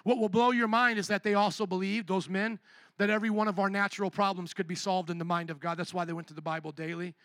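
Male pastor, high bright voice, call-and-response preaching style. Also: fairly even intonation, quick pace, dry recording. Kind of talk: sermon.

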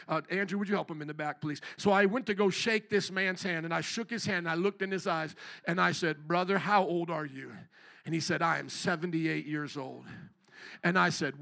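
A man preaching a sermon in church, telling stories and rising to fervent shouts. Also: a little high, vocal fry. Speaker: pastor. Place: church sanctuary.

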